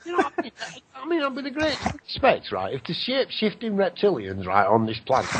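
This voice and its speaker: A man hosting a casual radio talk show, joking and rambling with an animated, mocking manner. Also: sits high, fast, a little hiss or hum. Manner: animated, jokey, rambling with laughs.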